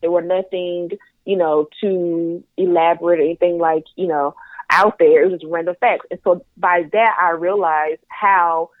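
A woman's voice: on the low side, steady tone, normal speed, no room sound. A woman from North Carolina with a light Southern twang talks as a podcast guest. Her speech is chatty and full of fillers and restarts. The sound is thin and phone-like, with a dry, close feel. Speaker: guest sex educator. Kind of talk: podcast interview. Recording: tinny phone-line sound.

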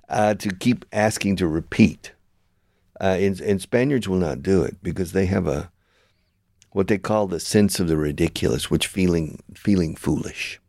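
A man's voice: low voice, a little mellow, dry recording, clean studio sound. An older man hosting his own show, explaining a point emphatically and teacherly, often restarting mid-sentence. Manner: emphatic and lecturing, with many restarts. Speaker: show host and language school founder. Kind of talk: conversational interview, teacherly explaining.

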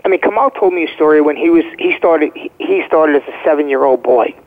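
A man's voice: fairly high pitch, brisk. Emphatic man on a tinny phone line. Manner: emphatic, checks in with "okay?". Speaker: guest, former first responder. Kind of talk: phone-in interview storytelling.

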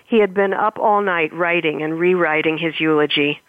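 Low-voiced woman author on a phone line. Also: moderate pace, dry recording. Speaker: author reading from her novel. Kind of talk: interview answers and reading aloud.

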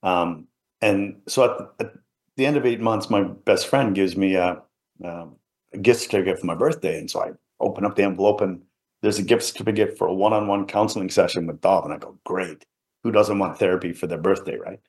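Deep-voiced man telling his story. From England, around Liverpool. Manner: earnest, halting, often trailing off quietly. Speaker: interview guest. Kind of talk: reflective personal storytelling.

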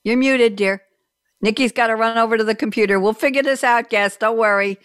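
A woman's voice: fairly high pitch, steady tone, brisk, a bit bright, clear, resonant tone, no echo, clean studio sound. Enthusiastic woman radio host. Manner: enthusiastic, effusive. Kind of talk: casual interview chat.

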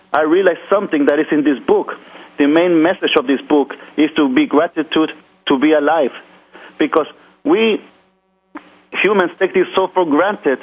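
A man telling his life story in an earnest, reflective talk, often restarting his sentences. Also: fairly high pitch. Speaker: guest author. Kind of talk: reflective conversation about personal growth. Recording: tinny phone-like radio audio.

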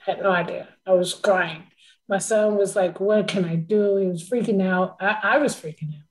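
A woman telling a personal story in casual conversation, emotional and open, laughing often. Her voice sits at a middle pitch for a woman. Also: moderate pace, poor audio.

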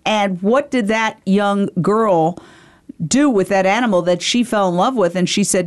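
A woman's voice: medium pitch, measured pace. A woman hosting a talk show, introducing a guest and asking leading questions with enthusiasm. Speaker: host.

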